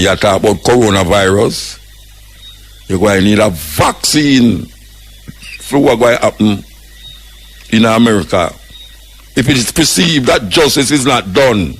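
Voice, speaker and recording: Older Jamaican radio host, husky voice, fiery preaching monologue in patois. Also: male voice, lowish voice. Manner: impassioned, preaching, mixes patois with English. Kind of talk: radio talk commentary.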